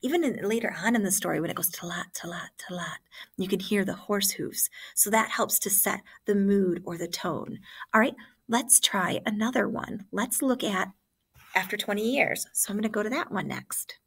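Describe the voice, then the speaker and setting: A woman teacher leading an online class, explaining ideas one example at a time. Her voice sits at a middle pitch. She talks in a plain, guiding way and speaks straight to her students. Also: moderate pace, creaky, breathy edge.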